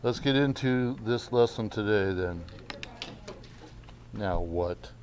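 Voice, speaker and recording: A man's voice: lowish voice, noisy background. A male teacher giving a class lesson in a casual way, often checking in with "okay". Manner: slow, casual, keeps saying okay. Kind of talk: classroom instruction.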